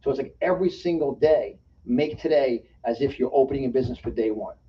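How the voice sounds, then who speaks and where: A man talks at a rapid clip as a fired-up motivational guest, preaching his points and lurching between loud bursts and hushed asides. He sounds set back from the mic, with a dull, muffled tone and faint ambience behind him. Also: medium pitch, recorded from a distance, slight background noise. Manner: emphatic and preachy, with sudden swings between loud and soft. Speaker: guest, motivational speaker and author. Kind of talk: fired-up motivational interview talk.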